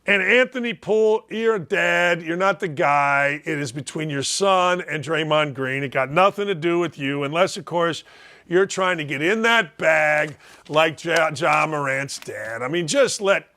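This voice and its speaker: Older man, sports talk host, high voice, blunt, mocking, loud jabs and low mutters. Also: animated, moderate pace. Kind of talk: opinionated sports talk rant.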